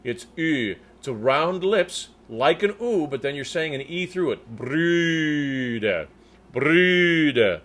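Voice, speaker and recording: A male choir conductor leads a diction lesson at a slow, careful pace. His voice sits a little high for a man. He models each German word with rolled R's and clear consonants before explaining it. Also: expressive. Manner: demonstrates German words slowly with crisp rolled R's; slow, deliberate delivery.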